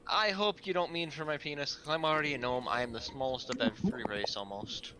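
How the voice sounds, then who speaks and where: A man's voice: fairly high pitch, brisk, crowd noise, rough recording. A man speaking as a player in a tabletop game, joking and playful. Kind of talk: casual tabletop play.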